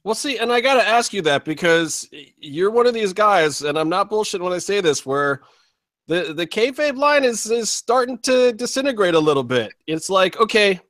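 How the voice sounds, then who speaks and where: A man's voice: high voice, sing-song, normal speed, fairly bright tone, dry recording. Rambling podcast host man, dry close sound. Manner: rambling, swearing, loose questions. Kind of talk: casual podcast interview.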